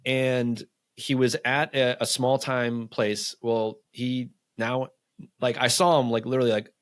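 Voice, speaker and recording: A man speaking as a coach in a casual interview, talking quickly and loosely with many fillers, acting out what others say. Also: medium pitch, dry recording, studio quality. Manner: fast, loose talk full of fillers, acts out quotes. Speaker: men's coach and podcast guest.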